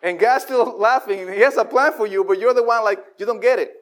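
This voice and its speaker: A man preaching a sermon, animated and repeating himself as he acts out voices of the people. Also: high voice, fairly quick. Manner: frequent repetitions and restarts.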